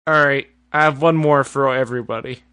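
A man's voice: medium pitch, fairly quick, bright, forceful tone, smooth, dry recording. A man hosting a podcast, reading out silly questions and groaning at his co-hosts' jokes. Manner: teasing, exasperated groaning at jokes. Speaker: podcast host. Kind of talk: casual comedic chat, reading out questions.

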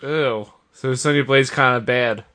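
A man's voice: medium pitch, steady tone, measured pace, bright, forceful tone. A man co-hosting a casual chat, throwing in dry teasing questions. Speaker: co-host listener.

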